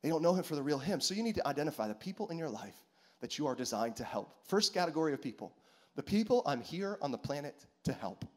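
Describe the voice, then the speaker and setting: A male pastor delivers an animated sermon, repeating his points and calling to the congregation. His voice sits high for a man and rises and falls widely. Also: fast talker. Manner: animated, repetitive, calls to the congregation.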